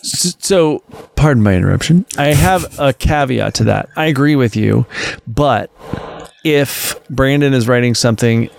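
A man with a gravelly edge to his voice, co-hosting a casual podcast. He explains ideas in an animated way, building on examples as he goes. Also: medium pitch, moderate pace. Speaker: podcast co-host.

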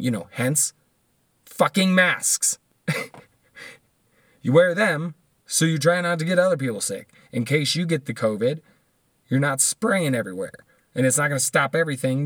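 Dude ranting solo, swears a lot, laughs a bunch, dry close sound. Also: male voice, mid-range voice, no room sound. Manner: profane, laughs often, trails off and restarts. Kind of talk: casual ranting monologue.

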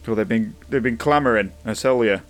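A man's voice: fairly low pitch, fairly quick, soft background music, natural voice. A man voicing a harried middle-aged male police chief who grumbles in a flustered way.

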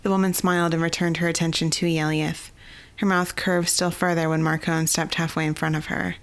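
A woman's voice: deep voice, little pitch movement, fairly quick. Woman narrating a fantasy audiobook.

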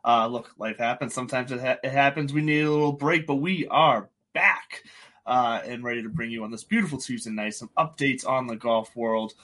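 A man's voice: mid-range voice, fairly quick, pushed and bright. A man in his thirties hosting a casual golf podcast, talking in a rambling way with restarts and chuckles. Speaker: podcast host. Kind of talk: casual chat.

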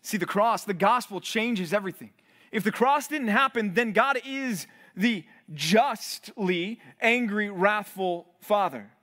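A high-pitched man delivers a fervent sermon as a pastor. He swells with intensity, then drops low and quiet for emphasis, repeating phrases as he presses his point. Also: animated, a little slow. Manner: earnest preaching, voice swelling and dropping low for emphasis; repeats and restarts words while building intensity.

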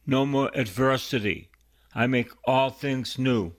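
A male priest in the middle of a Bible teaching sermon, earnestly repeating his key phrases so they sink in. He speaks at a slow, unhurried pace with a medium-pitched voice.

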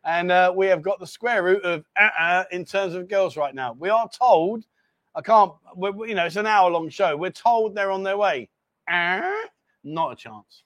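A man's voice: high-pitched, moderate pace, a bit bright, no echo. A man hosting a casual livestream from a bar, chatty and apologetic, bantering with his co-host.

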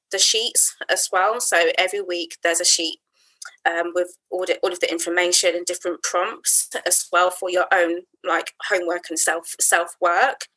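A woman's voice: fairly low pitch, sharp tone, rough recording. A woman guest on a podcast, talking casually with many fillers, explaining her course. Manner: chatty, uses many fillers and "like". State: emotional, tearful near the end. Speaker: guest, wellbeing business founder.

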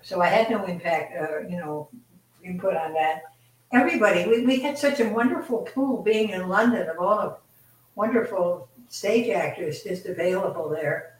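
An older woman answering a fan's question graciously at a convention, pausing to search for names. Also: fairly low pitch. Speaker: actress answering a fan question. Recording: roomy, distant mic.

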